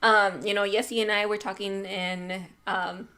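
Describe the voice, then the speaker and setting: A woman's voice: medium pitch, flat delivery, measured pace, sharp tone. Chatty woman slipping into Spanish. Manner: rambling, mixes Spanish phrases into English; laughs often. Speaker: podcast host. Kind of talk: casual chat.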